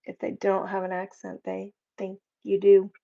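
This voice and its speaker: A woman hosting a casual live chat, reading out viewers' comments and joking around with a quick laugh. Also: mid-range voice, monotone, creaky, heavy background noise. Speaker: livestream host. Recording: slightly dull lo-fi stream audio.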